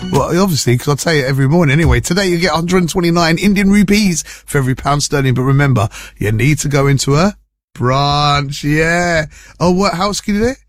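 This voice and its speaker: A man's voice: fairly high pitch, fairly quick, no echo, clean studio sound. A man hosting a casual morning radio show, joking around and reading out listener messages. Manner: chatty, jokey, reads listener messages. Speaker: radio presenter. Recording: music bed under the voice.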